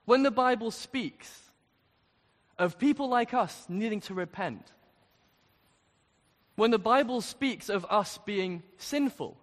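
A man's voice: high-pitched, lively intonation, slow pace, long pauses. A man preaching a sermon, speaking earnestly and building to emphatic questions. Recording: long reverb of a large hall.

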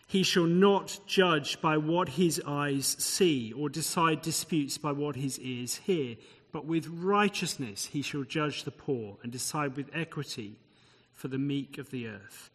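Male preacher, conversational expository sermon, slightly raised pitch, long echo of a hall. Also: a little slow, breathy edge. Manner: expository, conversational asides, rhetorical questions.

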